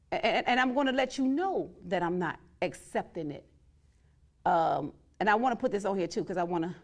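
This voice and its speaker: A woman hosting her own show, speaking in a blunt, defiant monologue full of repeated, emphatic declarations. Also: sits high. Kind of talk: outspoken monologue to viewers.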